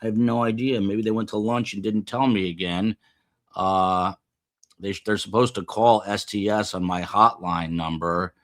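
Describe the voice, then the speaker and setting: Male livestream host, rambling, low voice, casual live commentary. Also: steady tone, moderate pace. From United States. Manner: rambling, chatting with viewers. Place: upper floor of a building.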